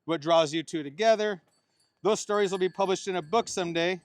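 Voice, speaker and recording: A middle-aged man with a high-pitched voice speaks briskly as he officiates a wedding for his niece, the bride, balancing heartfelt advice with playful jokes. The sound is studio quality with no echo.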